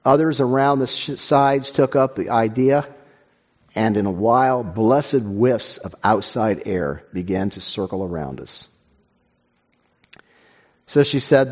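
A man preaches in a measured, earnest way and reads a story aloud to his listeners. His voice sits in the middle range and stumbles now and then over fillers and restarts. The recording is dull and lo-fi. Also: medium pitch. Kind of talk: sermon with read-aloud story.

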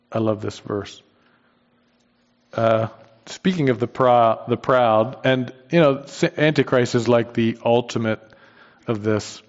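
A man leads a Bible study, talking it through informally with frequent restarts and questions tossed to his listeners. His voice sits at an ordinary middle pitch. The recording is dull and lo-fi, with a long hall reverb trailing each phrase. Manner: thinks aloud with frequent restarts, asks the class questions. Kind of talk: conversational Bible teaching.

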